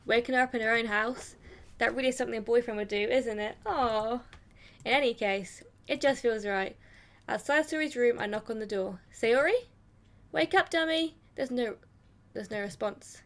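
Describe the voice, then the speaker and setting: A woman's voice: on the high side, moderate pace. A young woman playing a video game, reading its story text aloud in first person with dramatic expression and swearing reactions. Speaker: gaming YouTuber.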